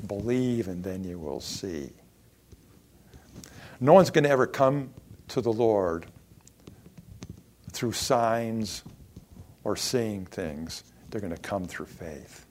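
A man preaching a sermon, acting out the mockers' taunts and swinging between loud outbursts and hushed lines. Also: lowish voice, lively intonation, slow pace, pauses often, slight background noise. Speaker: pastor.

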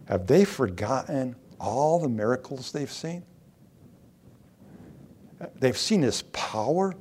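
A man's voice: mid-range voice, a little mellow, slightly rough. A middle-aged man preaching a sermon, asking rhetorical questions and reading scripture aloud.

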